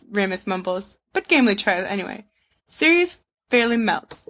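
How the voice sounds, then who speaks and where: A woman reading fan fiction aloud as an audiobook narrator, in an expressive, steady way. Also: medium pitch, moderate pace. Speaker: podfic reader.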